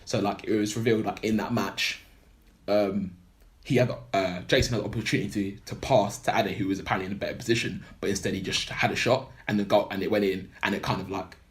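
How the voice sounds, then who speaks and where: Rambling low-voiced man. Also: fairly even intonation, fast. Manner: rambling, full of "like" and "blah blah". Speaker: podcast co-host. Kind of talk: casual film recap chat.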